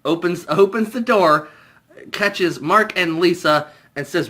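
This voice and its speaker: Bright, animated young male reviewer. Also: sits high, takes it slowly. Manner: animated, mock voices for characters. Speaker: movie reviewer. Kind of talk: casual spoiler review.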